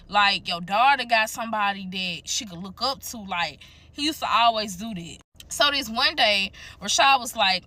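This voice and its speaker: Young woman, AAVE, casual storytime vlogger, blunt and profane, fairly high bright voice. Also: expressive, normal speed. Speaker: storytime creator.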